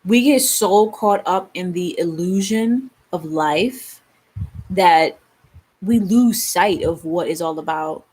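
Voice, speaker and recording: A woman's voice: on the low side, slow pace, darkish tone, breathy edge. A woman vlogger chatting casually to her viewers, musing and rambling, calling them y'all. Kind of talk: casual chat.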